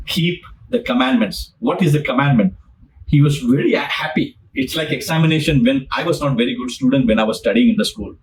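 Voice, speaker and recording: Preaching a sermon, a man repeats phrases for emphasis and acts out scripture as he goes. His medium-pitched voice is brisk, recorded roughly from a distant mic.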